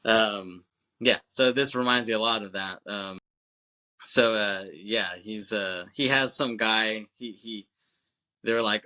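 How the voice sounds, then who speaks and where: Rambling man with a bright tone. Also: fairly low pitch, takes it slowly. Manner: rambling, frequent "you know what I'm saying"; swears casually. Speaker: podcast co-host. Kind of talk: casual film podcast chat.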